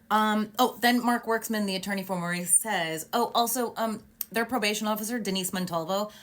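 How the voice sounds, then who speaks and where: A woman recounting events in an animated, indignant storytime style, with sarcastic asides. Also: medium pitch. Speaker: vlogger recounting a court case. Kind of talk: storytime narration.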